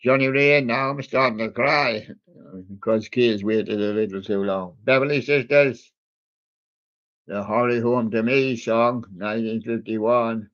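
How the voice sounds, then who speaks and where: On a lo-fi stream, a man with a mid-range voice hosts and reads out a music playlist, giving casual running commentary between old songs. He is slow, rambling, and jokey, full of ums and asides.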